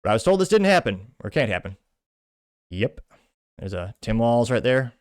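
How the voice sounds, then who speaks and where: A man's voice: medium pitch, big pitch swings, normal speed, no room sound. A male show host reading social media posts aloud and commenting on them in a wry, mocking tone.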